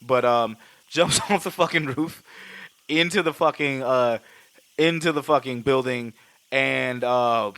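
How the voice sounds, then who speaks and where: A man co-hosting a podcast, retelling a film in a rambling, profane, animated way. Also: mid-range voice, measured pace, dry recording. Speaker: podcast co-host. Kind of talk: casual film recap chat.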